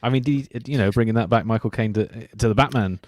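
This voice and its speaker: A man co-hosting a casual film chat, wry and quick to laugh. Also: on the low side, darkish tone, dry recording, studio quality. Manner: wry, laughs often, short interjections. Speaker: podcast co-host.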